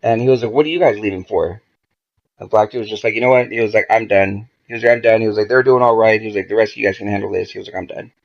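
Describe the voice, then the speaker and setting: A man's voice: on the low side, rapid-fire, creaky, muffled recording. A man, a podcast guest, telling a story in a casual, profane way and acting out the dialogue as he goes. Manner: profane, animated, acts out quoted dialogue.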